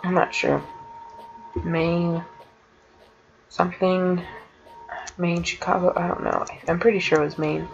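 A woman giving let's play commentary, excitable and quick to exclaim. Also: fairly low pitch, creaky, lo-fi sound, a little hiss or hum. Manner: exclaims often, giggly and excitable. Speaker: gamer playing an adventure map.

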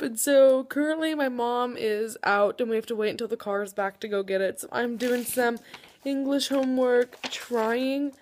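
Gushing teenage girl with a high voice. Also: moderate pace. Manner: gushing, swinging between hushed whispers and squeals. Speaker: book vlogger. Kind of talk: excited casual vlog. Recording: faint background noise.

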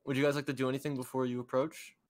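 A young man narrating as dungeon master in a casual tabletop game, pausing often with fillers. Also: medium pitch, level tone, no echo.

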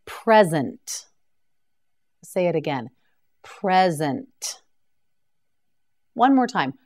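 A woman teaching English vocabulary as a slow scripted drill, pronouncing each word carefully for learners to repeat. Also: medium pitch, darkish tone.

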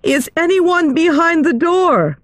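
A woman reading aloud and voicing a brave leading ballerina who speaks firmly to calm the others. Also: mid-range voice, takes it slowly, no room sound, voice pushed up.

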